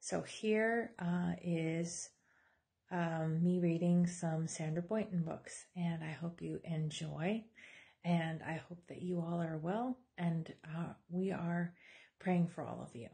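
Young woman reading a kids storybook at home, slowish and a bit low, playful with the animal noises. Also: creaky, dark tone. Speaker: office manager reading to children. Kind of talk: storybook read-aloud.

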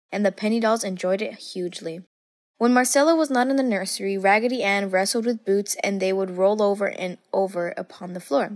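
A young woman reads a children's storybook aloud in a steady, measured way. Her voice sits at a middle pitch, and the recording is close and dry with no room echo. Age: young adult. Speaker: storytime reader.

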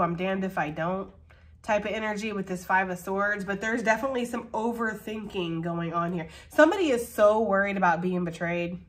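Tarot reader, woman, casual and frank, laughs a lot, voice a touch high. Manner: chatty, laughs often, swears casually. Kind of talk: casual tarot reading monologue.

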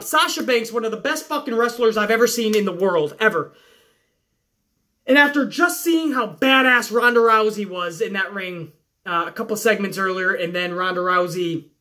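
A woman tears into last night's wrestling show in a profane recap rant. Her voice sits high and sounds bright and sharp. She keeps an exasperated, sarcastic edge and swears often.

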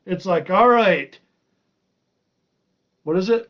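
Guy teaching bible study, high voice, slow and emphatic, kinda dull lo-fi sound.

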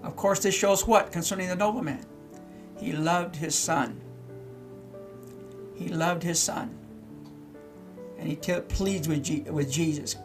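With soft music in the background, a middle-aged pastor delivers a slow Bible-teaching sermon in a high-sitting voice, unhurried and full of long pauses. He reads each verse and then explains it, repeating key words often and asking his listeners questions.

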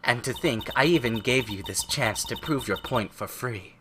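A man's voice: mid-range voice, normal speed, close to an everyday voice. A man reading as a haughty female prosecutor. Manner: condescending, cold. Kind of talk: reading game dialogue aloud.

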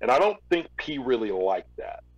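A man in an interview, casually telling a long story with relaxed restarts. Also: mid-range voice, normal speed, dry recording, rough recording. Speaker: interview guest, former record label executive.

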